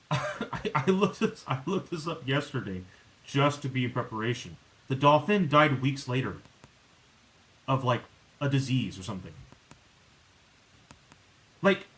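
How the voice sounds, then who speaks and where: Hosting a podcast, a man with a mid-range voice chats casually on a rough recording. His rambling is dotted with restarts and fillers, and he becomes animated when exasperated.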